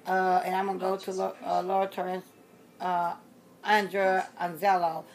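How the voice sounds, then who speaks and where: A woman's voice: lowish voice, flat delivery, moderate pace. Chatty woman in her sixties, rambling. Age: 60s. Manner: chatty, repeats herself, trails off with fillers. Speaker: reborn doll collector vlogger. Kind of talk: casual rambling vlog talk.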